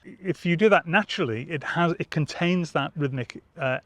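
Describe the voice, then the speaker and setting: A man's voice: a little high, moderate pace, fairly bright tone, dry recording. Man explaining verse rhythm, dry close sound. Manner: taps out rhythms aloud and recites verse to demonstrate. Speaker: Shakespeare festival director. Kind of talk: explanatory interview. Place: outdoor college garden.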